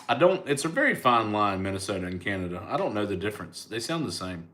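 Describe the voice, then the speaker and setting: Laid-back Southern joker on a live stream; lowish voice, teasing chat-reader. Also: male voice, big pitch swings, quick pace, few pauses, bright, forceful tone. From Alabama, US. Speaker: comedian and online host. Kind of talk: casual live-stream chat answering comments.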